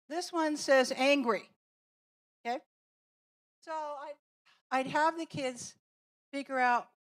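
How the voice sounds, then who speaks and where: Lady running a teacher workshop, talks slow and walks through examples, kinda high voice. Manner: slow, deliberate, explaining and demonstrating with examples. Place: classroom or training room.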